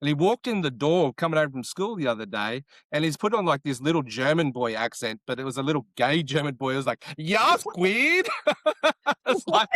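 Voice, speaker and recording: An Australian man in his forties co-hosts in a relaxed, chatty way, telling stories. His voice sits mid-range and sounds dry and close. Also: medium pitch, fast, hardly any pauses, no room sound. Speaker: podcast co-host. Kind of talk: casual interview chat.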